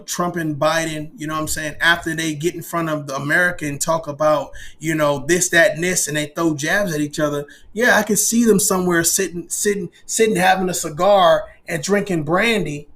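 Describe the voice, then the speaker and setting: A man in his forties hosting a podcast, ranting in an emphatic, profane, animated way. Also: a little high. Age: 40s. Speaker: podcast host. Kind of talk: casual monologue.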